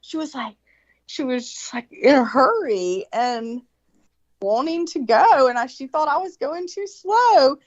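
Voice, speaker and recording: Woman guest, swears a lot, chatty storyteller, pitch jumps all over, dull muffled line. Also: a little slow, dry recording. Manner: profane, animated, many fillers and restarts. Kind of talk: casual storytelling chat. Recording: dull lo-fi sound, dry.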